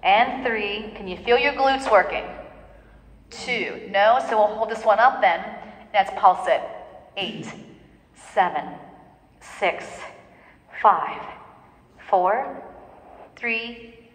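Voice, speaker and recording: A woman's voice: medium pitch, slow pace, long pauses. A woman instructing a live pilates class, counting reps and encouraging the people in the room. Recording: roomy hall reverb.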